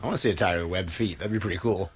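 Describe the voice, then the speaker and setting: A man co-hosting a comedy podcast who tosses in quick, absurd quips during casual chat. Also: deep voice, breathy edge. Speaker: podcast co-host.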